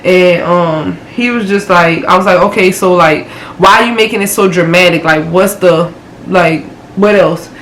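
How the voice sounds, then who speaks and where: A woman's voice: on the low side, normal speed, a bit bright, reverberant, slight background noise, rough recording. Chatty young woman telling a story. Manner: chatty, dramatic retelling with lots of fillers. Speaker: vlogger. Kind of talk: casual storytime.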